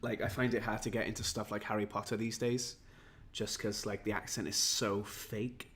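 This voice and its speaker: A man's voice: lowish voice, level tone, normal speed, fairly bright tone. Tired, rambling man streaming. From Wales. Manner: rambling, self-mocking, chatty with viewers. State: tired and jetlagged. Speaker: livestream host. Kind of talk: casual livestream chat.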